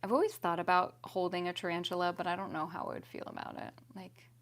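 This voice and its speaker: A young woman vlogger chatting casually to her viewers, laughing often and swinging between loud exclamations and hushed whispers. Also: fairly low pitch, fairly even intonation, fast talker. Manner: laughs often while talking.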